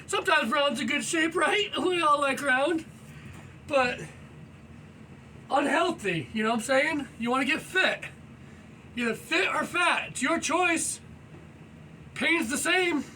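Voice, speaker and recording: A man talking casually and loudly while stretching at home, energetic and rambling, with many "you know"s as he moves around. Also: very high-pitched, takes it slowly, pauses often. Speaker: fitness vlogger. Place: indoors at home, low ceiling. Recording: voice far from the mic with faint noise.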